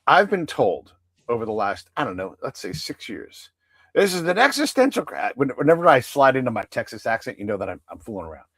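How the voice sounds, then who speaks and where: Blunt, lively-voiced man in his fifties. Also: mid-range voice, a little fast, dry recording, studio quality. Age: 50s. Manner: blunt, opinionated, swears freely, mocks news anchors. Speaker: podcast host. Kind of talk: casual conversational interview.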